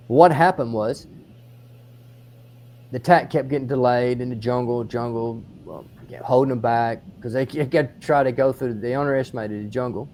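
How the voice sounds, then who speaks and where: Mellow-voiced Australian man explaining history. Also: medium pitch. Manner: detailed, animated storytelling with many restarts. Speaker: military historian and author. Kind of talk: on-site battlefield explanation. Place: outdoors on a battlefield.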